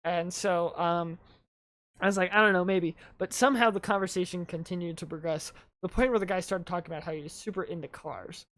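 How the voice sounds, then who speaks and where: A man's voice: high voice, fairly even intonation, brisk, fairly bright tone. A man hosts a casual podcast and tells stories in a loose, rambling way. He leans hard on "like" and strings his sentences together as he goes. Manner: rambling storyteller, heavy use of "like". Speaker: podcast host.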